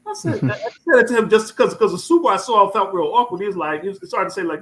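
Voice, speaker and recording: A man hosting a casual live chat, telling a rambling story with many restarts and repeated words, lively when he quotes people. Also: high-pitched, quick pace, hardly any pauses, low-quality recording. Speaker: host.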